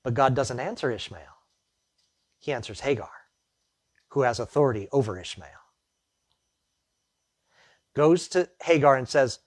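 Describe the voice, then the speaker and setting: A man's voice: mid-range voice, expressive, measured pace, long pauses, no echo, clean studio sound. A man preaching a sermon as pastor, reading the Bible passage and then retelling the story in plain, conversational words with his own asides.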